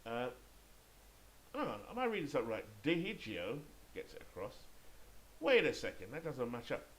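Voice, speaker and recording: A man's voice: mid-range voice, wildly swooping pitch, a little fast, a bit bright, slight background noise, low-quality recording. British man calling a baseball sim game. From Great Britain. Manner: chatty, thinks aloud and corrects himself between calls. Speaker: gamer and play-by-play caller.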